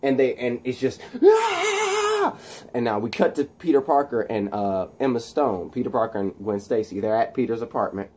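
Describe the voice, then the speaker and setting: Man, husky voice, casual movie recap, rambling, excited. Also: mid-range voice, a little fast, few pauses. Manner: rambling, excited, many restarts. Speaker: channel host. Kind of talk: casual movie plot retelling.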